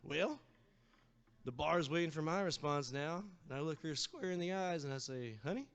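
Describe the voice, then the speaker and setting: A man's voice: fairly high pitch, expressive, moderate pace, clean tone. A man, a singer-guitarist, telling a loose, swearing story on stage between songs at a live bar show. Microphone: stage vocal microphone. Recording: slightly dull live-stream sound with guitar.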